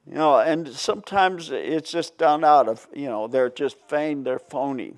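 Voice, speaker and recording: A preacher leads a Bible study in a folksy, conversational way. He chuckles often and stops to restart his phrases. His voice sits a bit higher than most men's. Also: a little slow.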